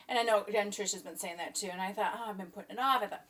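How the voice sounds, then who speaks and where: A woman's voice: medium pitch, quick pace, fairly bright tone, distant mic, a little hiss or hum. A middle-aged woman chatting casually in her home kitchen, rambling and trailing off into asides. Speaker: vlogger. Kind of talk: casual chat.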